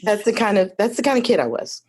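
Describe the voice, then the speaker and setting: A woman in her fifties from Detroit, a guest telling her life story in a lively, chatty way with many asides. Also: medium pitch, quick pace, husky. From Detroit, USA. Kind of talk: casual storytelling conversation.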